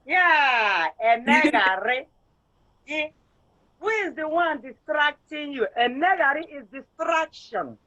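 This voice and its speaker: A man's voice: very high voice, expressive, takes it slowly, bright, forceful tone, lo-fi sound. A man teaching an online language lesson, patiently drilling words syllable by syllable over a video call.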